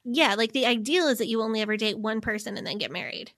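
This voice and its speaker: Podcast co-host, woman, bright and punchy, chatty and lively, dry close sound. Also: a little high, quick pace, no room sound. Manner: lively, explains with frequent "like" fillers. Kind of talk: casual podcast chat.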